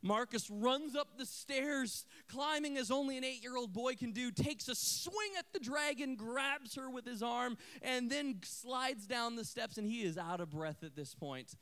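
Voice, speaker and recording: A male pastor delivering a sermon as a dramatic story. His voice is high and swoops widely in pitch. He drops to a hush, then rises to a loud exhortation. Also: lively intonation, measured pace, few pauses.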